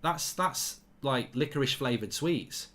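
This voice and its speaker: A man's voice: medium pitch, expressive, measured pace, a bit bright. A man hosting a live football watchalong, chatting bluntly and reading out viewer comments. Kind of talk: casual live-stream chat and commentary.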